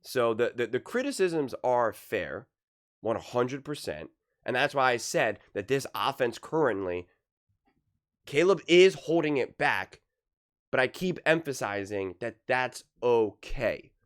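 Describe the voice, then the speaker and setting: Guy riffing on football, rambles and repeats himself a lot, gets animated. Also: mid-range voice, measured pace. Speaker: sports commentator. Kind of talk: casual sports opinion talk.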